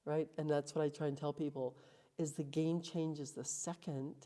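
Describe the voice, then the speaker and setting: A middle-aged woman sits for an interview and tells her life story in a low voice. Her tone is mellow and warm, and she slips into acted quotes as the memories carry her along. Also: fairly even intonation, normal speed. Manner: emotional, vivid retelling with acted quotes. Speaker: guest.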